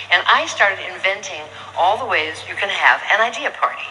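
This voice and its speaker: A woman's voice: fairly low pitch, normal speed, few pauses, slight background noise, poor audio. A woman speaker telling stories to a live audience and acting out the voices of the people in them. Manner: animated, acting out quoted voices with laughter. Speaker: motivational speaker. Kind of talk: storytelling talk to a live audience.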